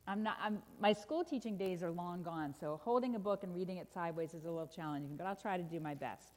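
A middle-aged woman giving a sermon, reading a children's story aloud with lively sound effects before drawing the lesson. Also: fairly low pitch, quick pace. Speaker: preacher. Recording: long hall reverb.

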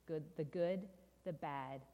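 A middle-aged woman giving a sermon, reading a children's story aloud with lively sound effects before drawing the lesson. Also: low-pitched, takes it slowly, dull audio. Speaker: preacher. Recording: long hall reverb.

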